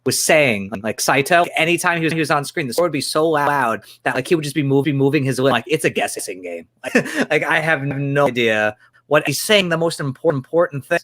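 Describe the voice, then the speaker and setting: Fast excited guy, kinda high voice, lots of "like" and restarts. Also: dry recording. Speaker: movie reviewer. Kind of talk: casual livestream chat.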